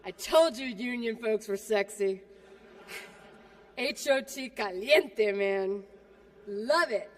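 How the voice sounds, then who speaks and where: A woman giving a fiery keynote speech at a union rally, profane and combative, swinging between quiet asides and shouting. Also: fairly high pitch, slow pace, pauses often. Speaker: keynote speaker. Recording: long hall reverb.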